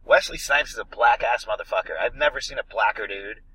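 A man's voice: mid-range voice, brisk, sharp tone, slightly rough, rough recording. A man ranting and swearing as he picks apart an action movie in a casual podcast chat. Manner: ranting, profane, emphatic. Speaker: podcast co-host.

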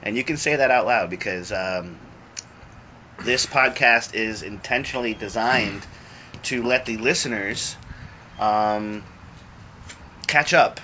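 A man's voice: fairly low pitch, slow pace, long pauses, bright, forceful tone. A man hosting a podcast, chatting and joking crudely with his friend on a back patio. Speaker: podcast host. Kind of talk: casual banter. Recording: dull lo-fi recording with faint noise.

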